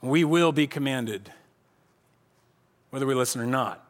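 A male pastor preaching an animated, joking sermon and acting out voices. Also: mid-range voice, normal speed.

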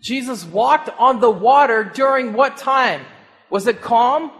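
A man's voice: very high-pitched, a little slow, in a large hall. A man preaching a sermon, asking his listeners questions and chuckling now and then. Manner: animated, rhetorical questions, chuckles often.

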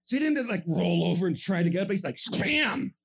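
A man preaching a sermon, telling a story with lively energy, acting out characters in funny voices and laughing often. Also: sits high, fairly quick, creaky, slightly rough.

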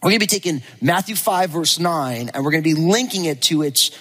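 A man who is a pastor, preaching a sermon and telling a personal story in a lively, animated way, acting out the lines of people in it. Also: a little high, fairly quick, long reverb tail. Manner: animated storytelling, acts out quotes. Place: church.

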